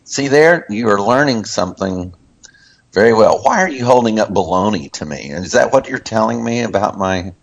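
A man with a very low voice co-hosts a faith talk show. He speaks slowly in a folksy, easygoing way, with frequent chuckles. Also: expressive, gravelly. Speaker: co-host, ministry leader. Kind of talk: casual radio chat.

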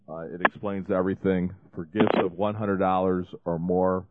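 Low-voiced man on a tinny line. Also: no room sound. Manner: rambling, with restarts and fillers. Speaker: ministry show host. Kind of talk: fundraising appeal. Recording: dry, phone-like lo-fi sound.

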